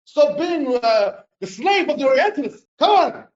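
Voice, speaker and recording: A man giving a heated, scornful lecture, hectoring and sometimes shouting. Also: very high voice, animated, moderate pace. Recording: roomy, dull lo-fi clip.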